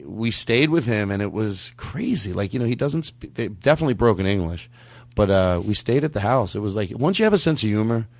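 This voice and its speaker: A male podcast host telling stories in a loose, rambling way, breaking into laughter and cutting himself off mid-thought. His pitch swings widely as he talks. The studio sound is dry and close. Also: animated, brisk, dry recording. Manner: rambling, laughing, self-interrupting. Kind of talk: casual comedic chat.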